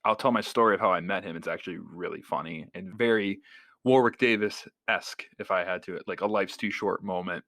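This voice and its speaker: A man's voice: low-pitched, brisk, no room sound. A young man in his twenties, a podcast co-host, telling a story in casual chat, full of fillers and acted-out quotes. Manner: animated storyteller, many fillers, acts out quoted voices.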